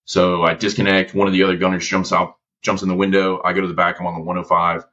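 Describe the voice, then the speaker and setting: Deep-voiced man telling war stories. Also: fairly quick, lo-fi sound. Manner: slangy, lively, quoting others in his stories. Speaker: podcast guest, former gunship gunner. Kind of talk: casual storytelling interview.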